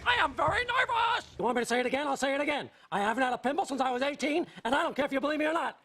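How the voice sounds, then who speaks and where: George Steinbrenner, rambling blustery boss. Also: male voice, very high-pitched, expressive, racing, bright, forceful tone, heavily acted. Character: rambling blustery male baseball team owner, boss. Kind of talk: sitcom acting.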